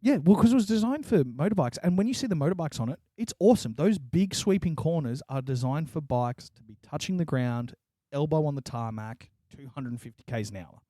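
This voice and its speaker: A man co-hosting a casual motorsport podcast, animated, laughing often and swearing freely. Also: a little high, a little fast, no room sound, studio quality. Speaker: podcast co-host. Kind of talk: casual sports chat.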